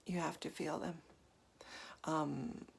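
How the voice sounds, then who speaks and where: A woman's voice: sits low, fairly even intonation, takes it slowly, creaky, husky. A woman in her forties giving a casual, confiding talk as a meditation teacher, often dropping to a half-whisper. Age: 40s. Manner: soft, confiding, with frequent fillers and laughs.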